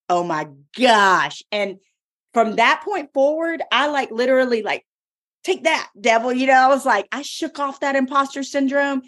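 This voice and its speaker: A woman hosting a podcast who tells a personal story in an emphatic, expressive way. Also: high-pitched. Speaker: podcast host and author. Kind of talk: casual podcast chat.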